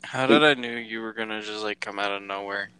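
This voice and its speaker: Another young Delaware man co-hosts a casual gaming podcast, his fairly low voice quick, bright, and forceful, clear and resonant with no room sound. Profane and jokey, he laughs often, with intonation staying fairly even.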